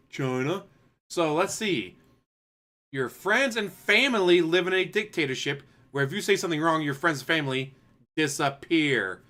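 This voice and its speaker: A man's voice: a little high, animated, normal speed, sharp tone. A man streaming commentary, answering a clip with sarcastic, mocking rebuttals. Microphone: desk USB microphone.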